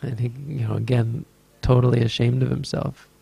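A man's voice: medium pitch, level tone, moderate pace, vocal fry, dark tone, slightly rough, dry recording. A man teaching as a Buddhist meditation teacher, telling a story in a dharma talk with an easygoing, rambling manner and frequent self-corrections.

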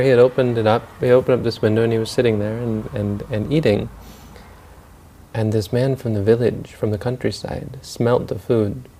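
Brief: male storyteller, dark gravelly voice, relaxed and unscripted. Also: lowish voice, slight background noise. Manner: loose, with fillers and restarts. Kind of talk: spoken storytelling talk.

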